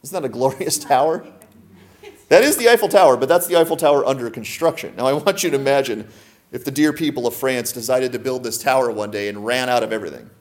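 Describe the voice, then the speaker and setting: A man's voice: mid-range voice, fast talker, a little mellow. A man preaching a sermon to a congregation, emphatic and full of rhetorical questions. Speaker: pastor.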